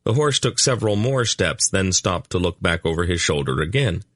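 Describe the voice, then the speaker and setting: A male audiobook narrator reading a story in an even, measured way. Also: low-pitched, no room sound, studio quality. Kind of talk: scripted narration.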